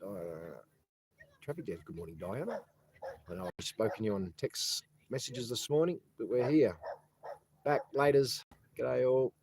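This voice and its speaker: A man's voice: medium pitch, expressive, measured pace, pauses often, darkish tone, slightly rough, low-quality recording. An Australian man live-streaming outdoors on his phone, rambling in casual chat, repeating words and greeting viewers by name. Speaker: live streamer and protest organiser. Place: outdoors on a sunny day.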